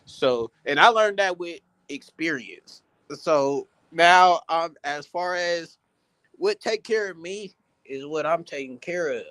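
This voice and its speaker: A man's voice: a little high, animated, slow pace, fairly bright tone, no room sound. A man panelist speaking bluntly and emphatically in a casual panel discussion.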